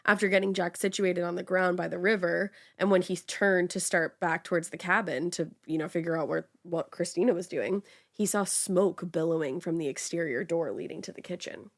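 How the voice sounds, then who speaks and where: Chatty low-voiced woman telling a story. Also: fairly even intonation, a little fast. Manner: chatty storytelling with many fillers. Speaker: podcast co-host telling the story. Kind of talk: casual true-crime chat.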